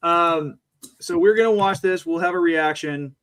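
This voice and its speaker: A man co-hosting a fan podcast in easygoing casual chat, filling pauses with uh and um. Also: a little high, fairly bright tone, smooth. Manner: easygoing, says dude, many uh fillers. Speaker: podcast co-host.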